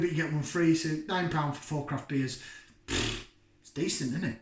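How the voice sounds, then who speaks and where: A man's voice: on the high side, normal speed, creaky. Rambling, chatty man in an echoey room. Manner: chatty, rambling, self-deprecating. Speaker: beer reviewer. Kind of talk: casual chat to camera. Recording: roomy echo.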